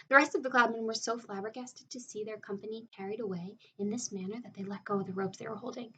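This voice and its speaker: A woman narrating a children's novel aloud with expressive storytelling. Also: on the high side, fast talker, few pauses, breathy edge, recorded from a distance, highs cut off. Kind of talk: audiobook reading of a children's novel.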